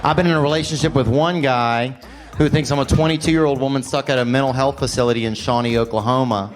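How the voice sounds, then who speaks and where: A man's voice: mid-range voice, steady tone, quick pace, noisy background. A man doing stand-up comedy, telling a rambling story with a wry delivery.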